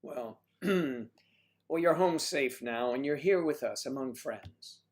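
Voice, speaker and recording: A man's voice: mid-range voice, animated, takes it slowly. Chatty male livestream host. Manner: chatty, teasing, calls viewers honey and sweetie. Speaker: livestream host reading chat. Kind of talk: casual livestream chat.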